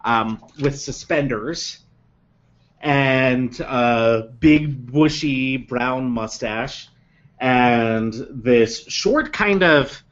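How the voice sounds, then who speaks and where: A man running a tabletop game, describing scenes slowly and haltingly, often stopping to search for words. His voice sits at a middling pitch. The audio is dull and lo-fi, like an online call. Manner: unhurried, halting, with many ums. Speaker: game master.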